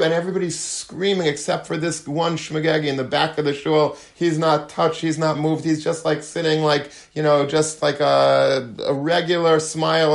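Storytelling rabbi. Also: male voice, a little high, vocal fry. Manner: lively storyteller, acts out quotes, Yiddish and Hebrew terms. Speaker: rabbi giving a talk. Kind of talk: sermon-style storytelling.

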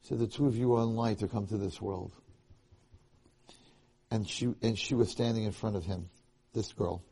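A man giving a Torah lecture, telling a story in an animated way that restarts and repeats phrases often. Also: fairly low pitch, normal speed, slightly rough.

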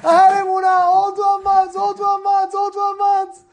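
A man voicing an overjoyed grown man who is crying and shouting, repeating himself. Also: very high-pitched, steady tone, slow, pitched above the performer's own voice, exaggerated voice. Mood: tearful shouting.

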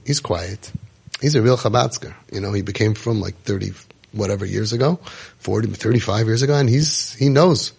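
Gravelly, husky man telling a story. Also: on the low side, normal speed, darkish tone. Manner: vivid retelling that acts out other people's words. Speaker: podcast host and parenting guide. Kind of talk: storytelling podcast talk.

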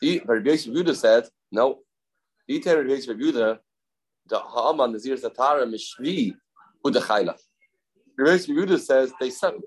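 Man, Talmud teacher, middle pitch, repetitive, self-questioning explanations. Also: expressive, brisk, pauses often, breathy edge, low-quality recording. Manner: explains by repeating key phrases and asking himself questions; mixes English with Hebrew and Aramaic terms. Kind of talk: Talmud study lesson.

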